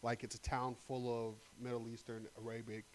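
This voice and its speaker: A man of middle pitch hosts a loose podcast chat. He swears freely and jumps into animated impressions of scenes from shows he has watched. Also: brisk, rough recording. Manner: profane, animated, acts out quotes. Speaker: podcast host. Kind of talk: casual chat.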